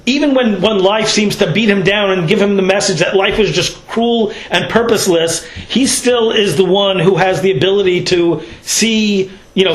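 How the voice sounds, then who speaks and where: A man's voice: high voice, roomy sound, low-quality recording. A man giving a Torah lecture, talking in a loose conversational way and often checking in with "right?" and "you know". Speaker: rabbi teaching a class.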